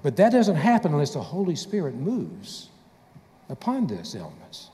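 Male pastor mid-sermon, animated storyteller, echoing sanctuary. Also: fairly high pitch, normal speed. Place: church sanctuary.

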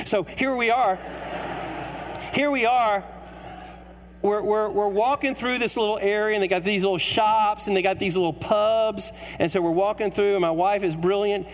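A middle-aged American man preaching, telling a story with comic, animated timing. His voice sits a little high for a man and carries a long hall reverb, with a faint mains hum underneath. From United States. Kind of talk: sermon with humorous story.

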